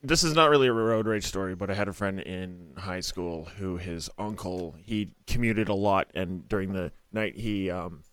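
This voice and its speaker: Guy cracking jokes and telling stories, bright clear voice, dry sound. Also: low-pitched, moderate pace, few pauses, no room sound. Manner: jokey storyteller, laughs often. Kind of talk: casual chat.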